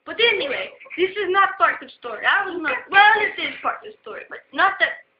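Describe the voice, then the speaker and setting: High-voiced woman telling a rowdy story. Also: brisk. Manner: animated, laughing, profane. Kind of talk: casual storytelling. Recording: echoey, dull lo-fi audio.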